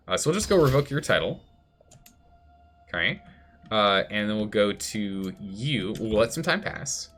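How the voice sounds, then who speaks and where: A man's voice: lowish voice, sing-song, measured pace, long pauses, fairly bright tone, faint music behind. A man streaming a strategy game live, chatty, thinking aloud and answering chat as he plays. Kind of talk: live gameplay commentary.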